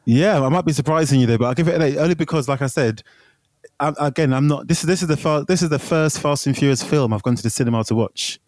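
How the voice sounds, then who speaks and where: A man co-hosting a film podcast, enthusiastic and quick, often repeating himself. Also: on the high side, darkish tone, no room sound, clean studio sound. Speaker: podcast co-host. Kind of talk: casual chat.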